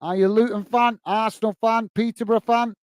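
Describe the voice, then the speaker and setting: A UK man hosts a football livestream, giving live match commentary and chatting with viewers, packed with fillers and calling everyone "mate." His voice sits high with a level tone, moves fairly quickly, and has no room sound.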